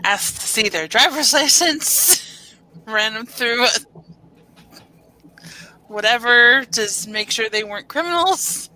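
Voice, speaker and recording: A woman's voice: a little high, takes it slowly, long pauses, slight background noise, poor audio. A woman telling a family road-trip story in a casual video-call chat, laughing between lines. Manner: relaxed anecdote-teller who laughs between lines.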